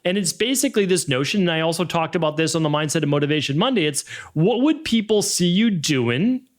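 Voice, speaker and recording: A man around fifty with a Boston accent, hosting a solo podcast in an energetic, motivational way and stretching words for emphasis. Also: on the high side, fast talker. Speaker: podcast host.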